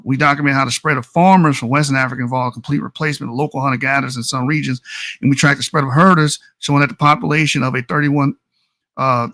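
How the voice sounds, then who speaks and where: A man's voice: mid-range voice, sharp tone, dry recording, clean studio sound. A man in a heated online debate, aggressive and profane, hurling insults and reading aloud from research papers.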